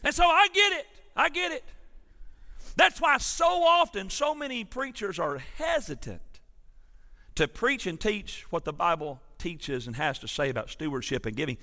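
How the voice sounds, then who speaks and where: A man's voice: high-pitched, expressive, normal speed, sharp tone, long reverb tail. A man, a pastor preaching an emphatic, storytelling sermon in a church sanctuary.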